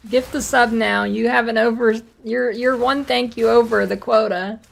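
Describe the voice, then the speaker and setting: Gravelly-voiced woman streamer teasing chat. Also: a little high, steady tone, moderate pace. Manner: joking, teasing chat banter. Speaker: game streamer.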